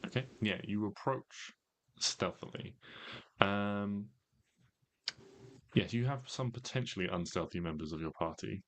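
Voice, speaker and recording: Deep-voiced man narrating a game. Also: a bit bright. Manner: measured narration with frequent ums and pauses. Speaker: game master.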